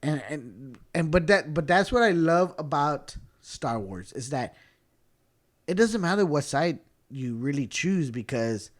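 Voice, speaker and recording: A man in his thirties co-hosting a casual podcast, excitable and laughing often, repeating words and swearing as he tells stories. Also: fairly high pitch, measured pace. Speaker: podcast co-host. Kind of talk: casual chat.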